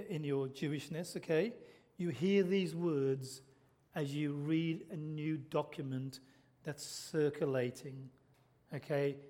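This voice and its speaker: A British preacher delivers a sermon in church, his voice pitched high for a man and warm in tone. He keeps things conversational, tossing questions to the congregation and checking in with "okay?" along the way.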